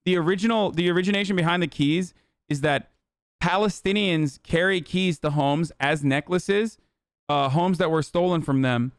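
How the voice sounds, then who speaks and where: Profane ranting streamer man, smooth voice. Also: fairly high pitch, normal speed, no echo, clean studio sound. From Turkey. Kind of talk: casual live-stream commentary.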